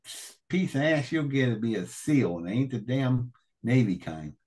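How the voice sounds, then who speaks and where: A man putting on his furious commanding officer, yelling and swearing in a raised voice. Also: mid-range voice, animated, normal speed, natural voice. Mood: ranting. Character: furious cursing male navy commanding officer.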